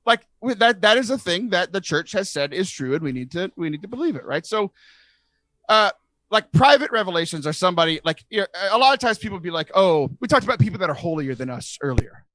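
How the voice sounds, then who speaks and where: A man hosting a casual podcast, talking earnestly with lots of "like", hoarse from losing his voice. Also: high-pitched, fast, no room sound. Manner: earnest, animated, heavy use of "like". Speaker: podcast host.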